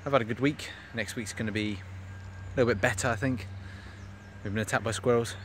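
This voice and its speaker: A man's voice: medium pitch, fairly even intonation, a little fast, a little hiss or hum. A man vlogging on a phone, talking casually and rambling with lots of fillers and restarts. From England. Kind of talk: casual vlog talk to camera. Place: outdoors in a park. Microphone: phone camera.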